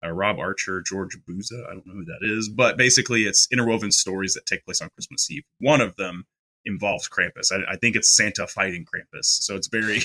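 A man with a lowish voice that still has a bright, forward edge, talking in a loose, chatty way. He hosts a casual film podcast, recapping a movie with fillers and quick restarts. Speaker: podcast co-host.

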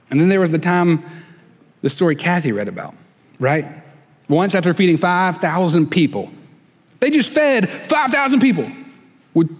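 A man preaching a sermon in a relaxed, conversational way with folksy asides. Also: high-pitched, in a large hall. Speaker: pastor.

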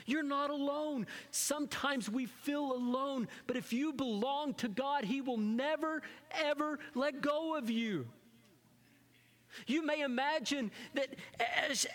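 A man preaching a sermon as pastor, shifting between lively emphasis and soft, hushed moments. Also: high-pitched. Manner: dynamic preaching, drops to soft whispers for emphasis. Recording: long hall reverb.

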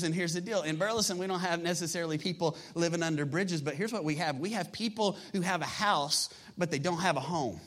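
A man, a pastor preaching a sermon to his congregation, energetic and emphatic, often asking the room rhetorical questions. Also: a little high, quick pace, hardly any pauses. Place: church sanctuary.

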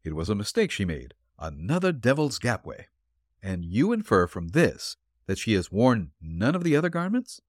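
Give me an eager, quick-to-wonder young male assistant detective, as a man reads him. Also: fairly low pitch, huge pitch swings, dry recording, clean studio sound. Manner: questioning, easily surprised.

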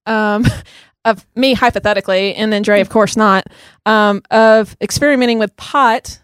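A woman in her forties co-hosting a casual podcast, laughing often and speaking slowly with many fillers. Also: mid-range voice, fairly even intonation, smooth, no room sound. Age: 40s. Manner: laughs a lot, reacts and wraps up slowly with fillers. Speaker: podcast co-host.

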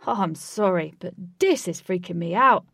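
A woman voicing an excitable, easily startled young man in a storybook reading, with loud, high exclamations. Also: unhurried, gravelly, no room sound, clean studio sound, heavily acted.

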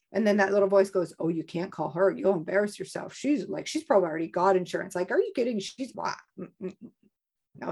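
Woman host coaching listeners, emphatic and energetic, fairly high-pitched. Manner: energetic and emphatic, with playful sound effects. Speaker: motivational coach and podcast host. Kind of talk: motivational talk.

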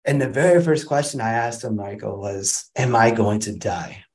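A man's voice: on the low side, normal speed, a little mellow. A young man from Wisconsin, a podcast guest, tells a personal story in a casual, rambling way, full of restarts. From Wisconsin, USA.

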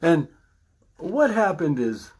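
Middle-aged male podcast host, husky and animated, rambling and chatty. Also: fairly high pitch, slow pace. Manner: chatty, laughs often, restarts sentences. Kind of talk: casual rambling monologue.

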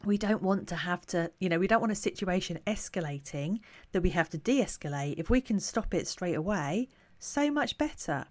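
A woman who coaches parents, talking to camera in a calm, reflective, conversational way. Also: on the low side, moderate pace, few pauses.

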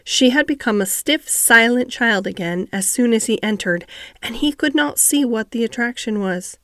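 A woman narrating a classic children's novel steadily and clearly as an audiobook reader. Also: fairly high pitch, animated, normal speed, a bit bright, dry recording, studio quality. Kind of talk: storybook narration.

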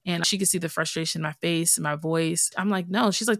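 Chatty woman with a gravelly low voice. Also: steady tone, fairly quick, no echo, studio quality. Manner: chatty, candid, talks like to a friend. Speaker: podcast host. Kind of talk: casual solo podcast chat.

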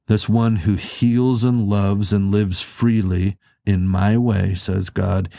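Male pastor, low mellow voice, dry close sound, earnest conversational sermon delivery. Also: gravelly, no room sound. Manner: earnest, conversational preaching with rhetorical questions.

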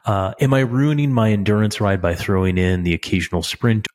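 A middle-aged man, a cycling coach, answering a listener question in a relaxed, explanatory podcast chat. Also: on the low side, a little fast. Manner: relaxed, explanatory, frequent restarts and small laughs.

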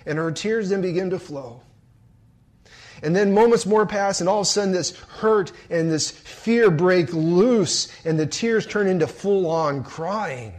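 A man preaching and telling a story in a large hall, dropping to hushed murmurs and swelling forcefully. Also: sits high, a little slow. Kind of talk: sermon storytelling.

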